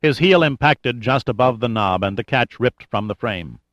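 A man narrating an audiobook at an even, measured pace. His voice sits in a middle register. The recording is dry, with a slightly muffled top end. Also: mid-range voice, dry recording. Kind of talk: scripted narration.

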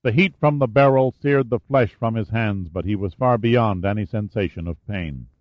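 A man narrating an action thriller audiobook in a steady, dramatic storytelling manner. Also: fairly low pitch, moderate pace, no echo, dull audio.

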